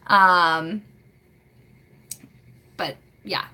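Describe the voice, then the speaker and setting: Late-20s girl rambling on a livestream, giggly, lots of um and like, bright voice. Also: on the low side, fairly even intonation, extremely slow, clear, resonant tone. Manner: rambling and giggly, full of fillers. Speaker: live stream host. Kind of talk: casual live chat.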